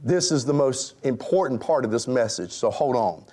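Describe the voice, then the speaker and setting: A man's voice: mid-range voice, animated, moderate pace, warm tone. A man preaching a sermon to his congregation, emphatic and rhetorical, addressing them directly. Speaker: pastor.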